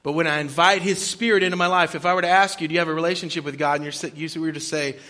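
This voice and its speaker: A man preaching a sermon as pastor, with emphatic, rhythmic repetition and sudden drops into quiet asides. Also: on the high side, fairly even intonation, rapid-fire. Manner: emphatic preaching, rising and dropping volume for effect; repeats phrases in a rhythmic cadence.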